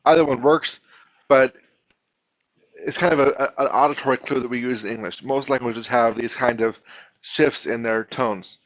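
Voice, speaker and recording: A man's voice: medium pitch, normal speed, fairly bright tone, dry recording, highs cut off. A man teaching a class, patiently explaining and often restarting his phrases. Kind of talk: classroom instruction.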